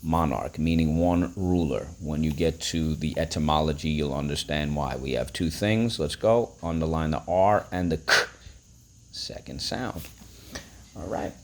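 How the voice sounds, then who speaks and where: A man's voice: a bass voice, fairly even intonation, a little slow, darkish tone, a little hiss or hum. A man teaching a phonics lesson, breaking words into syllables and prompting listeners to repeat.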